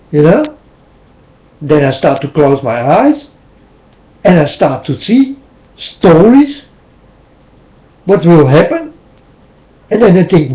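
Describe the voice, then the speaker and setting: A man's voice: high-pitched, very animated, unhurried, long pauses, warm tone. A man whose first language is Dutch, giving a fervent, preachy religious monologue to his webcam and addressing viewers directly. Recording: dull lo-fi webcam audio.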